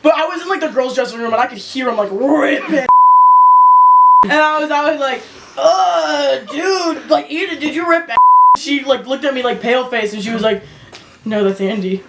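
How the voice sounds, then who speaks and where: A woman's voice: high voice, very animated, normal speed, heavy background noise. A woman giving a melodramatic, giggly confession in a comic mockumentary interview. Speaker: interviewee in a mock documentary.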